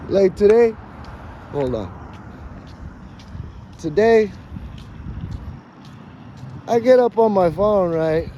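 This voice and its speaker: A man with a high, mellow voice rambles slowly through a comic monologue, swearing freely and slipping in Spanish slang. He is outdoors on a walk. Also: muffled recording, a little hiss or hum. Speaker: vlogger.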